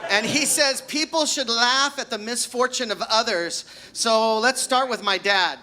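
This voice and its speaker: At a party venue with a live crowd, a man in his sixties jokes at his own expense and teases friends during a stand-up set for his birthday. He speaks in a very high, bright, pushed voice at a measured pace.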